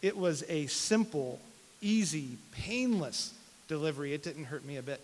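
A man telling a personal testimony story in an animated, self-deprecating way, often repeating his words. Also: on the high side, normal speed. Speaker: speaker sharing a personal testimony. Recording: long hall reverb, faint hiss.

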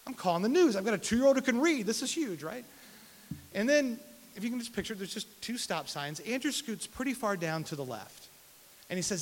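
Animated man telling a story in a hall. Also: high-pitched, brisk. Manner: animated, self-deprecating, repeats words. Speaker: speaker sharing a personal testimony. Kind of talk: personal storytelling testimony. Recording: long hall reverb, faint hiss.

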